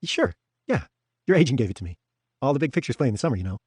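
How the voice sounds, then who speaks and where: A man's voice: mid-range voice, sing-song, racing, darkish tone, husky, dry recording, clean studio sound. A man voicing a nervous, overeager middle-aged hustler in debt, reading an audiobook with a pushy, ingratiating manner. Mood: eager. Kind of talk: audiobook character voice.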